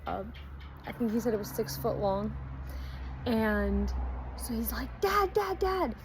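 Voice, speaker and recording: Woman book reviewer, relaxed chatty storyteller, mid-pitched, loose with fillers. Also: measured pace, noisy background. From not Australian. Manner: chatty retelling with frequent ums and likes. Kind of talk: casual book review chat.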